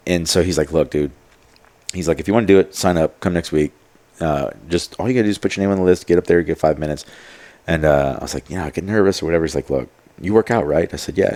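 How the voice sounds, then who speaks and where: With a low voice and darkish tone, a man swaps stories as a podcast guest. His delivery is casual and meandering, full of fillers and quoted asides.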